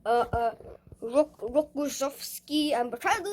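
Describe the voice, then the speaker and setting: A woman's voice: sits high, expressive, measured pace, slight background noise, poor audio. A woman hosting a gaming channel, chatting casually and stumbling over her words, repeating them as she goes. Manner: stammering, repeats words, chatty and self-conscious. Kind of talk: casual gameplay commentary.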